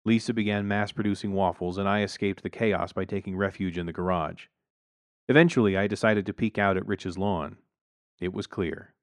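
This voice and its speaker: A man's voice: sits low, steady tone, normal speed, no echo. A man narrating a first-person story in a dry, wry way on a close mic.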